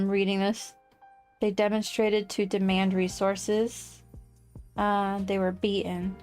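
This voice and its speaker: A woman livestreaming casual chat, rambling and quick to laugh. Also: medium pitch. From United States.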